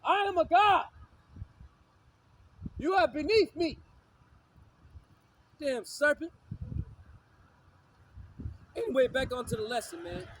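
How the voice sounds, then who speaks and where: A man's voice: very high voice, low-quality recording. A man preaching in a confrontational way, reading scripture aloud, repeating his lines and hurling insults. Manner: repetitive, insulting, shouts lines again and again. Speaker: street preacher.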